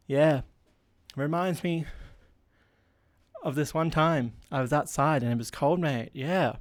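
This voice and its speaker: A brash young bloke working a comedy crowd with crude jokes, as a man puts him on. His voice sits higher than the speaker's plain talk and comes across loud and cocky, full of blokey banter. It is recorded dry and close, with no room sound. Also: dry recording. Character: crass, cocky young male bloke stand-up comic.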